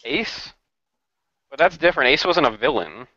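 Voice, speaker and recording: A man's voice: a little high, very animated, normal speed, sharp tone, dry recording. A young man in a casual group debate, talking emphatically with lots of fillers. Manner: emphatic, filler-heavy talk. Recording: dull lo-fi online stream audio.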